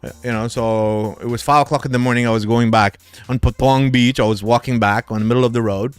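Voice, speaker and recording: A man's voice: medium pitch, fairly quick, clear, resonant tone, no echo. A middle-aged man, host of a crypto channel, telling casual stories with frequent laughter and swearing. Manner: excitable, laughs often, swears freely. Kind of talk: casual storytelling.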